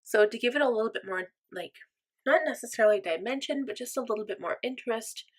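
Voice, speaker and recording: A young makeup vlogger chats fast through a casual tutorial, upbeat and self-deprecating. Her voice sits a little high.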